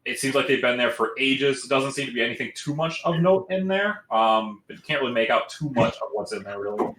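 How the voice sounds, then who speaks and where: A man's voice: medium pitch, fairly quick, echoey room, slight background noise, low-quality recording. Laid-back man running a tabletop game. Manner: relaxed, loose, filler-heavy narration. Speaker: game master.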